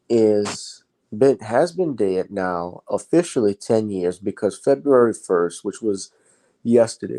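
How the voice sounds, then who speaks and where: A man's voice: lowish voice, mellow, rough recording. A man hosting a late-night live stream, giving rambling, opinionated commentary and sounding tired. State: tired, yawning.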